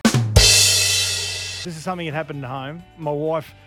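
A man's voice: on the high side, a little slow, over loud music. A man telling dad jokes and laughing at his own punchlines. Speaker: joke teller.

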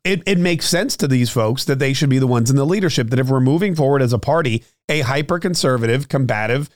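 A man hosting a solo political commentary show, talking straight to his listeners with many fillers and restarts, his throat a little rough. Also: mid-range voice, fast talker, no room sound, studio quality. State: clearing his throat, slightly choked up. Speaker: political podcast host.

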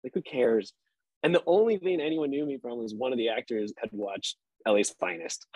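A man's voice: mid-range voice, big pitch swings, fairly quick, a little mellow. A man in his thirties, an actor guest on a podcast, telling laid-back stories and swearing casually.

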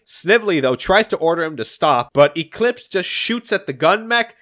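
Brief: young male co-host, expressive comic recap, swings pitch a lot, a bit high. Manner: animated, reads dialogue in quick paraphrase, swears casually.

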